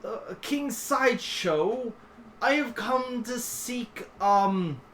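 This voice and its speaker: A meek, forlorn shopkeeper, as a man puts him on in a tabletop game, pitched a little high and bright. He hesitates and stumbles, asking for help with nervous deference. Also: lively intonation, extremely slow, a little hiss or hum, heavily acted.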